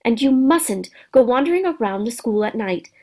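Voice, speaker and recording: A woman's voice: a little high, expressive, normal speed, a little mellow. A woman voicing a bossy, know-it-all schoolgirl who lectures shrilly in a storybook reading. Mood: indignant lecturing.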